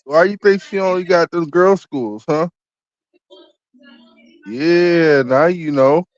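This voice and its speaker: A man's voice: fairly high pitch, slow, no echo, muffled recording. Joking, profane man in casual banter. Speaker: podcast co-host.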